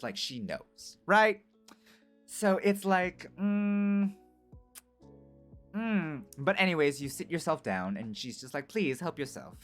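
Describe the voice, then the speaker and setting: A man streaming, telling an improvised story to his chat in an animated, rambling way full of "right?" and "like". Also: medium pitch.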